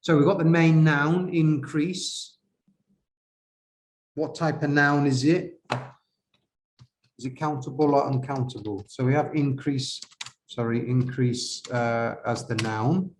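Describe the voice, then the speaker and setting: A man teaching as an IELTS examiner, correcting an essay step by step and asking viewers questions, with slow, halting speech. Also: a little high, steady tone, slight background noise. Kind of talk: classroom-style essay correction.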